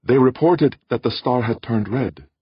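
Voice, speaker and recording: A man's voice: medium pitch, measured pace, husky, dry recording, highs cut off, voice pushed up. A man voicing a breathless woman astronomer. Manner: breathless and eager. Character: excited young woman astronomer.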